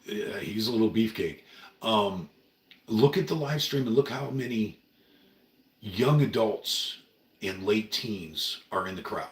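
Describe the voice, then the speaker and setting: Here a middle-aged man from Oregon, USA, runs a home livestream, delivering a casual monologue that is heartfelt, emotional and meandering. He has a lowish, animated voice and talks a little slowly. A distant mic leaves the recording roomy and somewhat off-mic.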